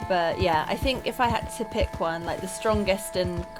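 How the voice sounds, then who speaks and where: A woman with a medium-pitched voice talks at a moderate pace while playing a video game, casually thinking aloud and rambling a bit like a let's play gamer. Game music and the sound of horse hooves play behind her.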